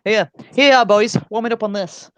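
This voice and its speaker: A woman's voice: medium pitch, steady tone, brisk, no room sound, muffled recording. A woman hosting a casual live stream, bantering and teasing her guests with lots of giggles. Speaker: stream host.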